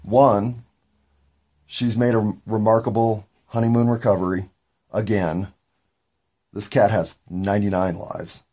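Gravelly guy rambling solo on his podcast, low and kinda husky, swears now and then. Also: flat delivery, measured pace, pauses often, mellow. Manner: candid, meandering, occasional swearing. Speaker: podcast host.

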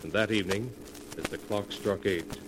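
A man narrating a 1940s radio drama in a solemn, measured, ominous tone. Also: on the low side. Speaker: announcer and narrator. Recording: noisy old radio transcription.

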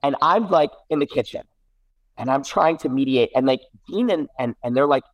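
A man's voice: mid-range voice, normal speed, dry recording, rough recording. A middle-aged man, a guest parent, telling a casual story with many restarts and self-corrections. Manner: rambling, self-correcting, animated.

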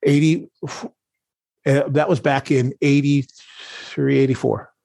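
A man's voice: mid-range voice, steady tone, slow pace, creaky, dark tone, no echo. A man talking as a podcast guest in a casual, rambling way, with lots of restarts and fillers. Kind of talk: casual conversational interview.

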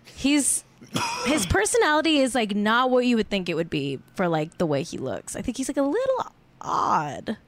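A woman's voice: a little high, wildly swooping pitch, normal speed, a little hiss or hum. Tipsy, giggly woman podcast host. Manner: rambling, giggly, lots of "like". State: a little tipsy. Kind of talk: casual chat.

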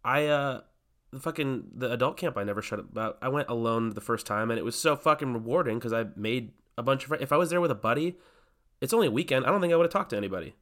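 A man's voice: mid-range voice, quick pace, a bit bright. A man co-hosting a podcast in casual chat, wry and blunt, swearing now and then. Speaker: podcast co-host.

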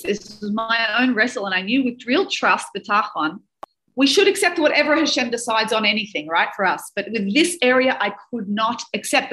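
A woman who works as a dating coach and speaker, telling a personal story with animated emotion and mixing in Hebrew and Yiddish words. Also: on the high side, low-quality recording. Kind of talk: personal storytelling in a podcast interview.

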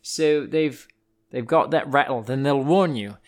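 A man hosting a children's podcast, telling silly animal facts in a playful, animated way and wandering off on tangents. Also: mid-range voice, measured pace. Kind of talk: playful storytelling for kids.

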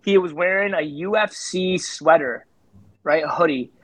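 A man, a street photographer on a podcast, telling lively stories in casual talk and jumping higher in pitch as he retells moments. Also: moderate pace, no echo. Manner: animated, jumps to high pitch when retelling. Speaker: street photographer and interview guest. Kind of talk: casual storytelling.

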